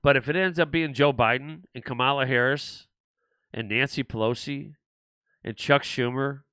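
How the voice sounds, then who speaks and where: A man's voice: mid-range voice, moderate pace, a bit bright, smooth, no echo. Older man ranting on his talk show. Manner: rambling, frustrated, many restarts. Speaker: show host. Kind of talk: political talk show monologue.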